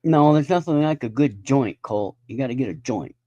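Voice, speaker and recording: A man's voice: mid-range voice, animated, normal speed, mellow, no room sound, dull audio. A man in his fifties ranting in a casual live stream monologue, profane and rambling. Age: 50s.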